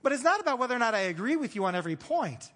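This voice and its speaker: High-voiced pastor preaching in a reverberant hall. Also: male voice, sing-song, racing, sharp tone. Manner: conversational, self-deprecating humor with frequent restarts. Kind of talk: sermon. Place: large church hall.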